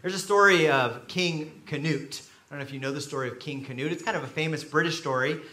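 A man preaching a sermon as pastor, telling stories with animated, sudden loud bursts. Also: a little high, fast talker, echoey room. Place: church.

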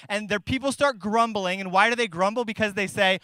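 High bright-voiced man preaching. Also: normal speed, hardly any pauses, no echo. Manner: conversational preaching with repeated restarts. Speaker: pastor. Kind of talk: sermon.

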